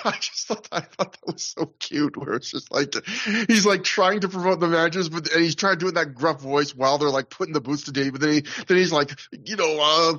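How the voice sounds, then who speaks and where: A man's voice: on the high side, brisk, a bit bright, dull audio. A man hosting a casual podcast, rambling through a recap, often laughing and restarting his sentences. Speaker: podcast host.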